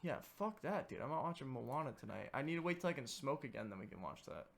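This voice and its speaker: A young man co-hosting a podcast, telling stories in casual chat, swearing often and speaking with animated energy. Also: medium pitch, fast, vocal fry. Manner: profane, animated storytelling. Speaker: podcast co-host.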